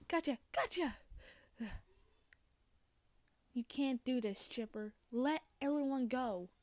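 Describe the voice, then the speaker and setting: A woman voicing a kind, soft-hearted young female mermaid who drawls and says y'all, in a fan voice-acting story. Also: sits high, dry recording. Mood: brave.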